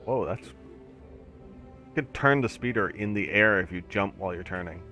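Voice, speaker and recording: Laid-back low-voiced man gaming with friends. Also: normal speed, pushed and bright, lo-fi sound, faint music behind. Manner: easygoing, chatty, laughs often. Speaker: streamer playing an online game. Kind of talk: casual gaming chat.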